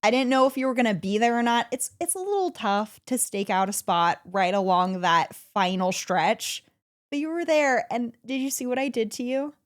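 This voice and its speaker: A woman co-hosting a casual podcast, telling a story with excitement and laughing often. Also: a little high, normal speed. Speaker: podcast co-host.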